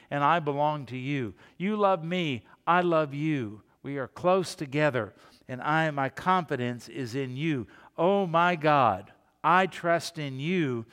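A man's voice: fairly high pitch, a bit bright, clean tone. A middle-aged pastor preaching a sermon, talking in a conversational way and lifting his voice when he quotes scripture. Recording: long reverb of a hall.

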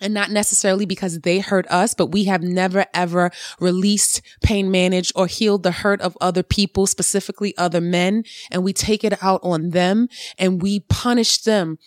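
A woman hosting a podcast in a casual, expressive talk, preaching with emphatic repetition. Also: medium pitch, normal speed, hardly any pauses, no echo, clean studio sound. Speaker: podcast host. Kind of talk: casual talk with karaoke singing.

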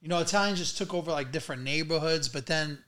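A man's voice: on the high side, fast talker, bright, forceful tone. New York man hosting a podcast. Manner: questioning, steers the talk. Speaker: podcast host. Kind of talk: casual chat.

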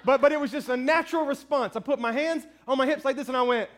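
A man in his thirties preaching a sermon, telling a funny story about himself in an animated way. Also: very high-pitched, fast. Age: 30s. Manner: storytelling, animated, self-mocking. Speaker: pastor.

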